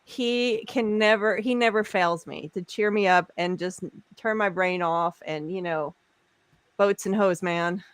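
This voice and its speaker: A woman co-hosting a podcast, chatting casually in halting, rambling sentences. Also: on the low side, fairly even intonation, clean tone, no room sound. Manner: rambling, halting, laughs easily. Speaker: podcast co-host. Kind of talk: casual chat.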